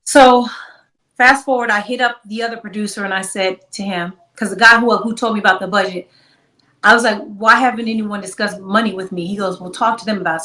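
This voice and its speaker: A woman's voice: medium pitch, roomy sound, distant mic, poor audio. A woman guest telling a long story in an interview, acting out the back-and-forth of quoted dialogue. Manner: animated, acts out quoted dialogue.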